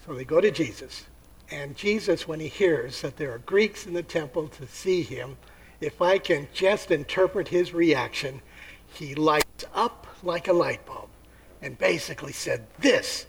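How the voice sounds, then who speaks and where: A man preaching a sermon, telling the story with lively acted-out voices and asking his listeners questions. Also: on the high side, a little slow, creaky, poor audio. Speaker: pastor.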